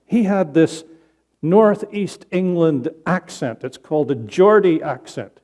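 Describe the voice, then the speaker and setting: A male pastor giving a sermon in a church, telling a story in a conversational way with pauses. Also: on the high side, lively intonation, dark tone. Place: church sanctuary.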